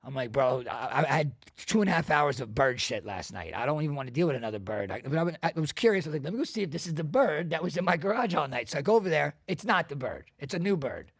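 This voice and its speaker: A podcast host spins a profane, animated story in casual chat. His voice sits on the higher side with a gravelly rasp. The sound is dry and close. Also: quick pace, few pauses, no echo. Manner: profane, animated storyteller with bursts of loud laughter.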